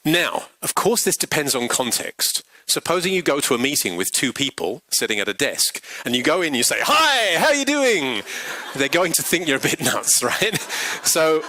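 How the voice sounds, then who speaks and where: A man giving a pitch coaching workshop, animated and acting out example quotes. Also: moderate pace, hardly any pauses, no room sound, poor audio. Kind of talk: workshop talk. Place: large workshop venue.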